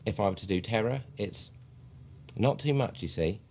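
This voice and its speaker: A deadpan male publisher who is sure of his acting. His voice is low but swings in lively leaps, and he delivers halting, earnest explanations. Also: gravelly, slight background noise. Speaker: publisher and amateur actor being interviewed. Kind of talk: mock documentary interview.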